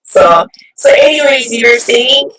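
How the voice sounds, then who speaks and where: Chatty excitable woman hosting a phone live stream, bright voice that bounces all over, bit husky. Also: high voice, unhurried, poor audio. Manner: excitable, chatty, laughs often. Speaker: podcast host. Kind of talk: casual live-stream chat. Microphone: cell phone.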